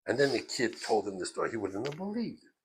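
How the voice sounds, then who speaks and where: A rabbi giving an emphatic, storytelling lesson. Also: male voice, mid-range voice, sing-song, quick pace, slight background noise.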